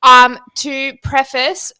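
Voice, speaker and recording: Bright, lively woman podcaster. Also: high-pitched, slow. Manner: lively, laughs while talking. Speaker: podcast co-host. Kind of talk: casual chat.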